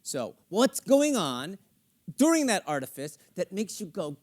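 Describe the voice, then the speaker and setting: A middle-aged man leads a live masterclass on a theater stage with a studio audience, playfully dramatizing lyrics and a character's private thoughts for the singer he's coaching, with occasional swearing. His voice is high with big pitch swings, and he speaks unhurriedly.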